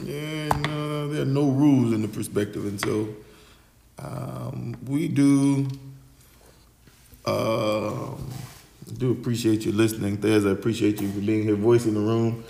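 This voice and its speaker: A man hosting a podcast, talking in an animated, theatrical way that slips into a preacher-like cadence. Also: mid-range voice, unhurried, vocal fry, echoey room. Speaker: podcast host. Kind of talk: casual podcast chat.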